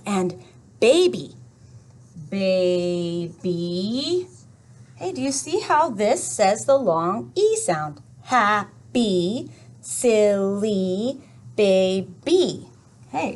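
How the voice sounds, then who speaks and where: A woman teaching a children's phonics lesson, telling a little story slowly and playfully with sound effects. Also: medium pitch.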